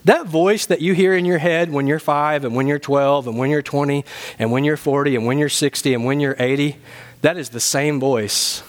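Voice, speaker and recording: Speaking at a normal speed, this high-voiced man is a pastor giving a sermon to his congregation. His style is lively and humorous, rising toward forceful moments.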